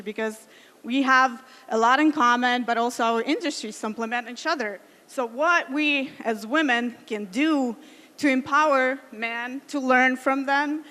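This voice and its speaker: A woman in her thirties speaking on a conference stage. Her voice sits somewhat high, and it rings with the long reverb of a large hall. She talks earnestly, in careful second-language English, with many fillers and restarts. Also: bright, forceful tone. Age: 30s. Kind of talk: conference talk.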